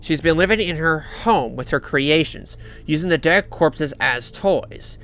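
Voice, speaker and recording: A man hosting a reaction video, narrating a story recap in a halting way, often repeating himself and restarting. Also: a little high, a bit bright.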